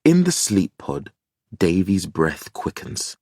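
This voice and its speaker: Deep husky male audiobook narrator. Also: wildly swooping pitch, takes it slowly, a little mellow, dry recording, clean studio sound.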